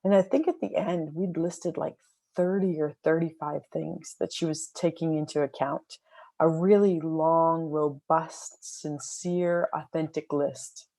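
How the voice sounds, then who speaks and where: A woman with a low-pitched voice hosts a podcast about making decisions. She talks in an earnest, reflective way, often pausing on fillers and restarting her sentences. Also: fairly even intonation, dark tone. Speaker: decision coach and podcast host. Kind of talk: podcast storytelling monologue.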